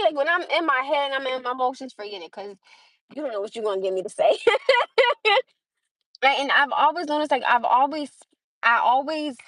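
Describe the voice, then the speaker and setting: A woman's voice: sits high, a bit bright, dry recording. Chatty woman live-streaming to viewers. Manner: chatty, laughs often, greets viewers by name. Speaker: livestream host. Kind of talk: casual livestream chat.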